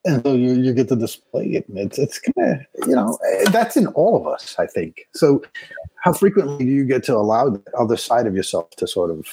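A man talking thoughtfully about acting, often pausing and restarting his sentences. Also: mid-range voice, very animated, creaky, dark tone, a little hiss or hum. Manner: thoughtful, halting, many restarts and fillers. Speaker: actor being interviewed. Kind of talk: casual conversation.

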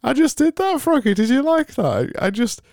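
A man putting on a high, sing-song, over-cheery voice of a forced happy man, with faint music behind. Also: slow pace, darkish tone, no echo, studio quality. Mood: gushing.

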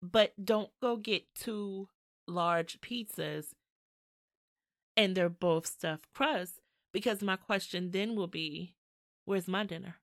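A woman's voice: mid-range voice, slow, dry recording, clean studio sound. A middle-aged woman co-hosting a casual family podcast with her child, teasing and laughing often. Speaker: podcast co-host, mother.

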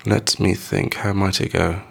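A man co-hosting a podcast in casual chat, talking slowly and hesitantly while holding back a tickly cough, with dry quips. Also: sits low, level tone, creaky, husky. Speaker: podcast co-host.

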